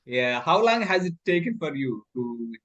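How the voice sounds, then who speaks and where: A man hosting a video call interview, polite and halting with many uhs. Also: on the high side, sing-song, fairly bright tone, muffled recording. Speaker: host.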